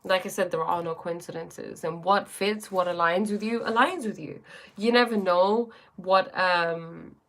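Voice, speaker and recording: Woman live streaming, bit of vocal fry, chatty, greets viewers, reads out cards, restarts sentences a lot. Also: lowish voice, fairly even intonation, measured pace, a bit bright. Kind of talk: casual live stream chat and oracle card reading.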